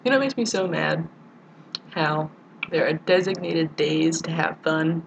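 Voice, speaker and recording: A woman's voice: low-pitched, a little slow, creaky, muffled recording, slight background noise. A young woman from the United States, chatting casually in a rambling, giggly video diary to a friend. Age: young adult. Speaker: vlogger.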